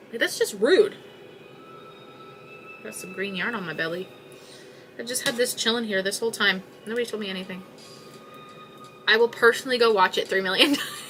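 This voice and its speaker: A woman's voice: mid-range voice, sharp tone. A young woman chatting casually while she crochets, rambling and exasperated as she talks to her viewers. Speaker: crochet livestream host.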